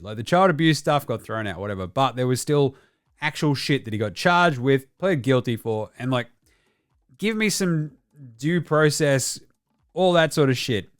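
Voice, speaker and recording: A man's voice: mid-range voice, no echo, studio quality. A man with an Australian accent hosting a casual basketball show, ranting with a lot of swearing. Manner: profane, ranting. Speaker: host.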